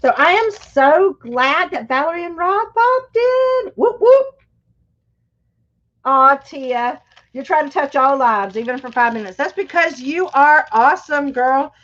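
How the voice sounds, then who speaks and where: A chatty woman hosts a live stream, her voice pitched high and her delivery slow and unhurried. She has a scratchy, irritated throat, and the sound is a little dull and muffled. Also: expressive, fairly bright tone. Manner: chatty, talks straight to viewers. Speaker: livestream host; schoolteacher. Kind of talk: casual live chat.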